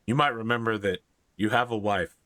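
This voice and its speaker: A man narrating a tabletop role-playing game as game master, relaxed and playful. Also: fairly low pitch, brisk, dry recording.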